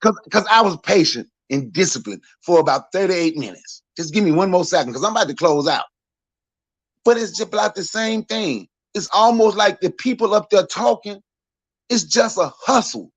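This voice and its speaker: A man's voice: high-pitched, lively intonation, moderate pace, husky, dry recording. A man in his forties speaking as a podcast panelist in a blunt, profane, heated rant.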